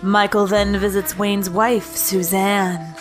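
A woman's voice: medium pitch, flat delivery, takes it slowly, music in the background. A woman co-hosting a movie podcast, recapping a plot and chatting playfully, laughing often. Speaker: podcast co-host. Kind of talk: casual movie-review chat and plot recap.

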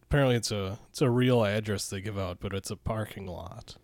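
A man from Minnesota co-hosting a movie podcast, chatting casually with wry, joking asides and quick laughs. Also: on the low side, a little mellow, dry recording. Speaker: podcast co-host.

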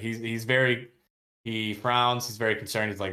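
Retelling scenes from a book, this co-host voices characters' lines for a moment and talks in a slangy, rambling style with plenty of fillers and false starts. His voice is lowish and sharp, with a steady tone, a moderate pace and long pauses.

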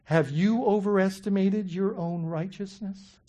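Speaking a little slowly at medium pitch, a pastor preaches with animation in a conversational manner. He keeps questioning the listeners and often drops in "you know" and "right?".

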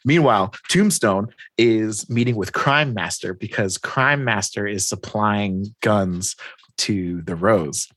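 Guy retelling a comic plot, lowish voice, rambly, dry close sound. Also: slow, a bit bright, dry recording. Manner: rambling storytelling with voiced quotes. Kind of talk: casual comic recap.

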